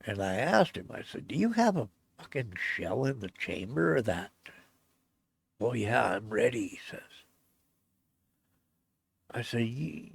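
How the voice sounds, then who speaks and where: A man's voice: fairly low pitch, no echo. A middle-aged man telling a personal story in casual speech, blunt and swearing often. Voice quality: gravelly. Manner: blunt, swears constantly, grows heated and loud. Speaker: storyteller recounting a personal event.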